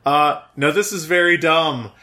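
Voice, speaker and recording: A man's voice: on the high side, unhurried, bright, forceful tone. A man co-hosting a casual podcast, explaining at length with enthusiasm. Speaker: podcast co-host. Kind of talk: casual chat.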